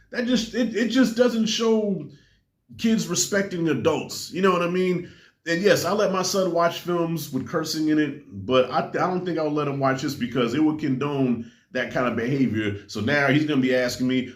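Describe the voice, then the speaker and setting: A middle-aged man giving a casual spoken movie review, talking in an animated way and acting out the people he quotes. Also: on the high side, normal speed. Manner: animated, acts out quoted voices. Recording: roomy echo.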